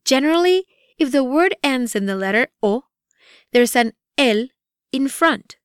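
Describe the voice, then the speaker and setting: A woman reading a scripted language course with a deliberate, evenly paced teaching delivery. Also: sits high, animated, clean tone, no room sound, clean studio sound. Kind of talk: scripted instructional narration.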